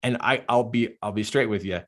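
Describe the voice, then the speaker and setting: This man's coaching talk is delivered live and at a fairly quick clip in a medium-pitched voice. Recounting something from his own life, he stays earnest, quieting almost to a whisper at grim points and picking up energy elsewhere.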